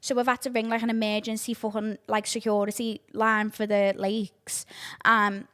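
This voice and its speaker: A woman's voice: mid-range voice, little pitch movement, moderate pace, a bit bright. A young woman telling a chaotic story on her podcast, dramatic and sweary. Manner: breathless, dramatic oversharing, lots of swearing. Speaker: podcast host. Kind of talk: casual storytelling.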